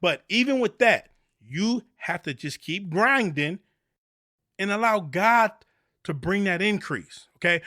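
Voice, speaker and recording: Guy giving a faith-based pep talk, bright tense voice, dry close sound, lots of repeating himself. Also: high voice, a little slow, no echo. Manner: animated, preachy, repeats phrases. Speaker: podcast host.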